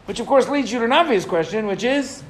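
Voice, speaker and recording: A middle-aged man leads a Torah lesson for a classroom, quizzing the students and reading Hebrew verses aloud. His voice is very high-pitched and expressive, and he talks quickly.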